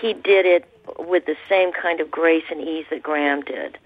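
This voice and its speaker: A woman, a guest singer on a radio interview, speaking in halting phrases with frequent restarts. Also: sits low, narrow, tinny audio. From American South.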